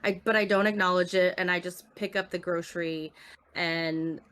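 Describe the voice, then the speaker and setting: A woman playing a tabletop game, describing her character's actions in a thoughtful, measured way. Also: fairly low pitch, fairly even intonation, fairly bright tone. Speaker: player. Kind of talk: tabletop role-play.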